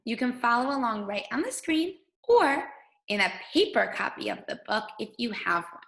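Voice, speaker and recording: Woman reading teacher, patient sing-song delivery, gravelly edge to a high-ish voice. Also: big pitch swings, normal speed, fairly bright tone, rough recording. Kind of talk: guided reading lesson for young children.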